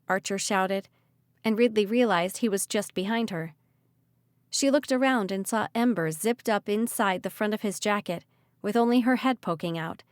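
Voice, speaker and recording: A woman reading a young-adult fantasy audiobook in an expressive, vivid way on a close mic. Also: mid-range voice, normal speed, no echo. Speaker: audiobook narrator. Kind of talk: audiobook narration.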